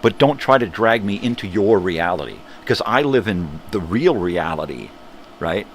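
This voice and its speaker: A man's voice: low voice, expressive, moderate pace, slight background noise. An older man hosting his own morning show, ranting bluntly and profanely in a casual monologue. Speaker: host of a morning livestream show.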